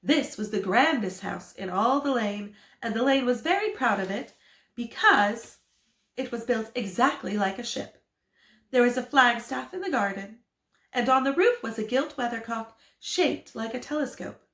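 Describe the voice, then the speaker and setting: A woman storyteller reads a children's book aloud in an expressive, animated way. Her voice sits fairly high and rises and falls widely. The reading is recorded in an echoey, roomy space. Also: moderate pace. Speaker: storyteller at a children's theatre school. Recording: roomy echo.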